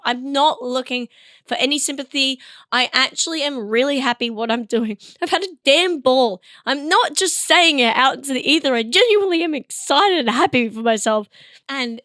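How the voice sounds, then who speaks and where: Hoarse, rambling woman vlogger. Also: on the high side, a bit bright, no echo, studio quality. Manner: rambling, self-deprecating, laughs often. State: hoarse, voice partly lost. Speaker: comedian reviewing things. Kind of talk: casual solo review vlog. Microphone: talking into a camera.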